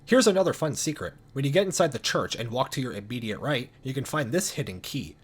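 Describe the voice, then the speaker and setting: A man narrating video game lore in a calm, dry scripted style with casual swearing. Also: medium pitch, quick pace, breathy edge.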